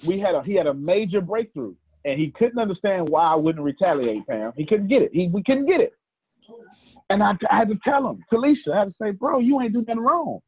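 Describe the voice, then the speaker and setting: A man hosting a live teaching session. He tells stories in a colloquial, animated way and calls on listeners by name. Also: sits high, fairly quick, slightly rough, dry recording. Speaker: teacher and host. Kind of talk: live teaching talk with storytelling. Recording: tinny phone-like dry line.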